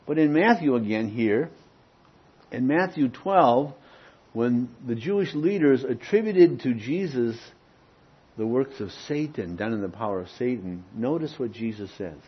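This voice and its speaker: A man with a husky, slightly rough voice preaches a teaching sermon. He leans hard on key words and then sinks into soft, low asides, often checking in with "Okay?". The recording sounds dull and lo-fi. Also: expressive, a little slow. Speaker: pastor.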